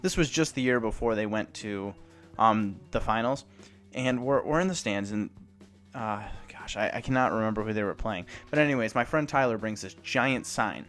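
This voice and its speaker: A man's voice: on the low side, normal speed, a bit bright, soft background music. A young man hosting a sports report, telling an awkward story in a rambling, self-conscious way with many restarts, then reading the news.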